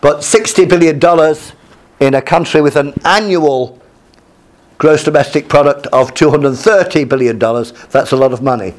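A man's voice: a little high, normal speed. Hesitant male lecturer with many fillers. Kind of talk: lecture with slides.

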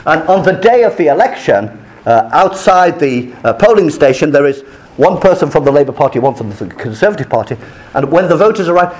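Male lecturer, animated, bouncing intonation, stop-start phrasing. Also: on the high side, fairly quick. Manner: animated, acts out quoted voices, many restarts; switches to French asides. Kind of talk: university lecture on politics.

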